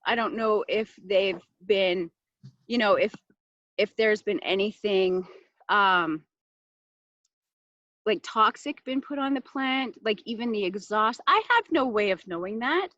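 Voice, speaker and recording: A woman's voice: medium pitch, unhurried, dry recording. Chatty, heartfelt woman on dull laptop audio. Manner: chatty and heartfelt, lots of fillers, bursts of animated excitement. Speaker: class host presenting essential oils. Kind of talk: casual live presentation.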